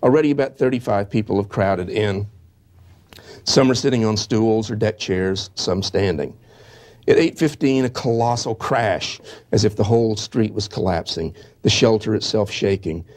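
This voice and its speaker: A man giving a history lecture, reading eyewitness accounts in a measured, halting way with small restarts. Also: on the low side, a little mellow.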